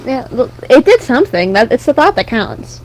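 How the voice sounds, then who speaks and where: A woman playing a tabletop game talks casually, joking with an indignant edge. Her voice is high and very animated, jumping up and down in pitch. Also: moderate pace, poor audio. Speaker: player.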